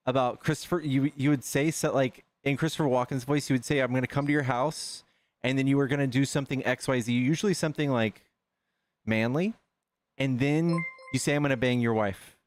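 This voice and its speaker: Excitable man hosting a livestream, dry sound. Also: mid-range voice, no echo. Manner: excitable, reads donations aloud. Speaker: livestream host. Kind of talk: casual livestream chat.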